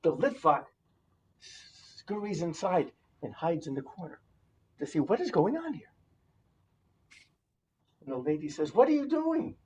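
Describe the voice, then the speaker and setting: A man telling a folk tale to his congregation in a halting, lively way, often repeating words, in a synagogue sanctuary. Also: fairly high pitch, distant mic, a little hiss or hum, low-quality recording. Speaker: storyteller.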